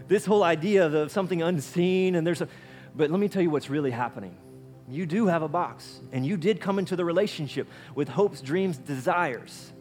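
A male pastor giving a conversational sermon, repeating phrases and swinging between loud and soft. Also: fairly high pitch.

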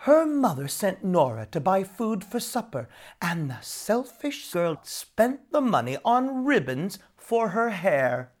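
A storyteller voicing a gossiping old farmer who speaks loudly and scornfully, drawing out his words in a storybook reading. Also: medium pitch, big pitch swings, slow, voice pushed up.

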